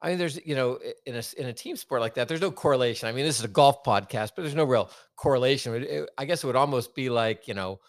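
A man's voice: medium pitch, dry recording, studio quality. Rambling man co-hosting a podcast. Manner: rambling, halting restarts. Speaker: podcast co-host. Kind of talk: casual sports chat.

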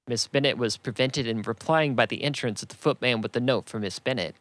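A man's voice: mid-range voice, brisk, hardly any pauses, fairly bright tone, no echo. A man reading a classic novel aloud as a plain audiobook narration, voicing the characters only lightly. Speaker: reader.

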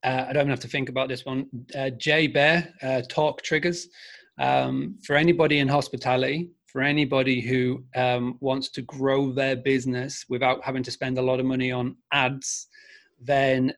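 A man's voice: medium pitch, level tone, measured pace, a bit bright. A man in casual chat recommending books, talking off the cuff with many filler sounds and restarts.

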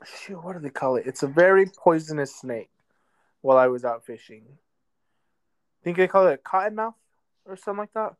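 A man co-hosting a casual podcast, laid-back and drawn-out, with many ums. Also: fairly high pitch, animated. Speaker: podcast co-host. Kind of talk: casual chat. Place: lives in a southern US metro area.

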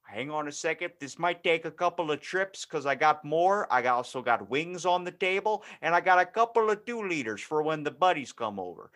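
A man's voice: on the high side, expressive, fairly quick, hardly any pauses, a bit bright. A man voicing a senile, tech-clueless old dad in an improvised comedy scene, bumbling and folksy.

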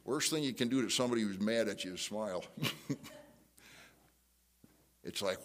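A middle-aged man preaching a sermon, telling a story and acting out the voices in it with big jumps up in pitch. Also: a little slow, pauses often. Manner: animated storytelling, jumps high to act out quotes. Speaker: pastor. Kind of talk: sermon with acted-out anecdote.

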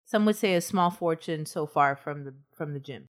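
A woman's voice: low voice, moderate pace. A woman co-hosting a podcast, telling a true-crime story in casual chat and trading jokes along the way. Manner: recounts the case, breaks off to joke with co-hosts. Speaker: podcast co-host, case narrator.

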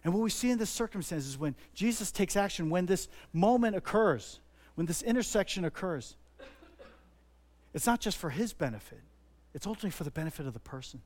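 A middle-aged man preaching a sermon, earnest and repetitive, leaning hard on stressed words. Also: high voice. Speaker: pastor.

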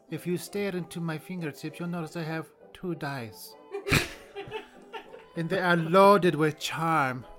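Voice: mid-range voice, fairly bright tone, natural voice. A player putting on a German accent to voice a theatrical, mysterious male doctor. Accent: put-on German. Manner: theatrical, slow and drawn out.

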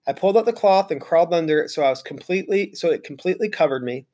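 A reader brings a children's chapter book to life with lively expression, reading very fast. Pitched in the middle range, the voice moves the story along in an engaging storytelling style.

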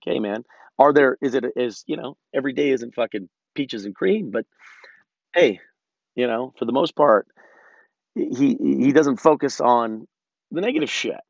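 A man's voice: mid-range voice, creaky, no echo. Rambling, profane man with a dull, dry sound. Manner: rambling and profane, with frequent restarts; ranting about politics. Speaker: podcast host. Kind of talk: solo podcast monologue.

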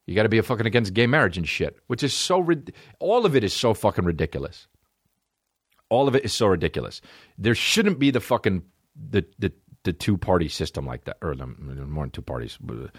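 A man hosting a solo podcast, ranting in a rambling, profane way with big swings in pitch. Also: husky, dry recording, clean studio sound. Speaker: podcast host.

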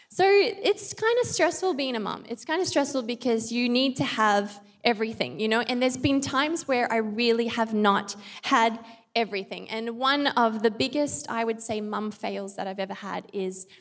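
A fairly high-voiced woman in her thirties preaches in a relaxed, conversational way, full of self-deprecating asides. Her voice carries a long hall reverb, as if she were speaking in a church hall. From Australia. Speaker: pastor. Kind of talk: casual, humorous sermon.

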